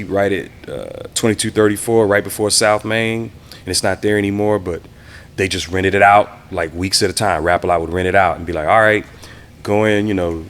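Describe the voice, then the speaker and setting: In a casual interview, a DJ and producer from the Houston area of Texas reminisces in a relaxed, easygoing manner. His voice is very low, and he slips into quoting the people he's talking about.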